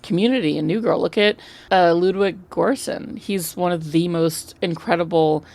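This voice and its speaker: A woman co-hosting a film podcast, chatting casually, swearing freely and throwing in animated asides. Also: fairly low pitch, moderate pace. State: just woke up. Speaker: podcast co-host. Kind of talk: casual chat.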